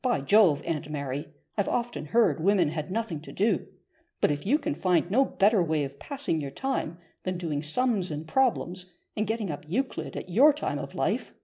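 A woman's voice: lowish voice, expressive, normal speed, dark tone, breathy edge. A woman reading aloud, voicing a flustered young university man who protests indignantly. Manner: blustering, indignant.

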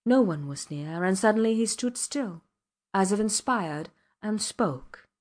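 A woman with a medium-pitched voice narrates a classic novel as an audiobook. Her scripted reading is measured and even.

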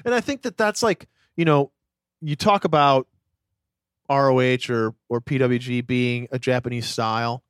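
A man's voice: mid-range voice, normal speed, clean tone, dry recording. A man with a mid-range voice in a casual podcast chat who makes opinionated, emphatic points and drops casual swearing into them. The sound is dry and close, as if he is speaking straight into the microphone. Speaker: podcast co-host.

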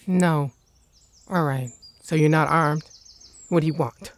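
A woman's voice: sits low, slow pace, dry recording. A woman playing a curt, suspicious recluse. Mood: commanding. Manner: curt, commanding, dry put-downs. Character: suspicious reclusive woman in the woods, blunt and commanding. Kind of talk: audio drama acting.

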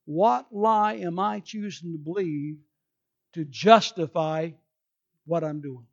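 A man's voice: fairly high pitch, slow, vocal fry, highs cut off. A male pastor preaching a sermon emphatically, acting out people's excuses in quoted voices.

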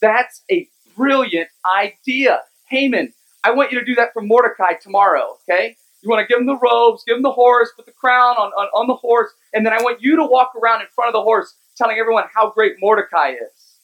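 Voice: medium pitch, a little fast, highs cut off, close to an everyday voice. A vain, forgetful ancient king, put on by a preacher in the middle of a sermon. He talks in breezy modern slang and gets carried away with his own reputation. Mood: eager. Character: boastful sleepless ancient king, forgetful and impulsive. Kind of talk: sermon storytelling.

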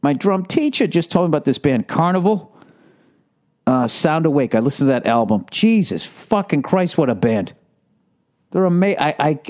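A man hosting a podcast in casual chat, swearing often and ranting in mock outrage. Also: medium pitch. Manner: profane, animated, mock-outraged. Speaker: podcast host.

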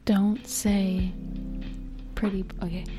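Slow-talking woman co-hosting a podcast. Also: mid-range voice, level tone, music in the background. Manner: teasing and playful. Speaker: podcast co-host. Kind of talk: casual chat.

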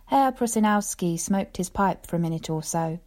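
A woman narrating an old story in an even, measured reading. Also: fairly low pitch. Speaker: audiobook narrator. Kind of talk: scripted narration.

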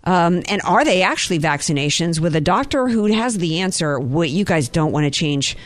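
A woman from the American South hosting a radio talk show, brisk, chatty and opinionated. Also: lowish voice, animated, no room sound. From North Carolina and New Orleans area.

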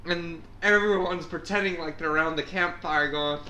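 A man co-hosting a casual podcast chat, an animated storyteller who acts out voices. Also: on the high side, normal speed. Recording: echoey room, faint hum.

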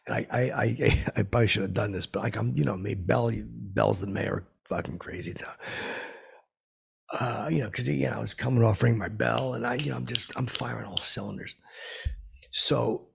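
A man's voice: fairly low pitch, normal speed, creaky, breathy edge. A middle-aged man hosting a comedy podcast, telling a rambling comic story full of fillers and profanity.

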